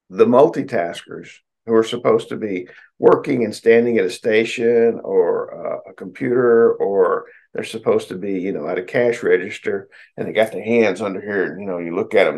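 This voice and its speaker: A man's voice: on the low side, normal speed, gravelly, darkish tone. A middle-aged American man, a psychotherapist host, giving casual advice to his listeners in a folksy, joking way.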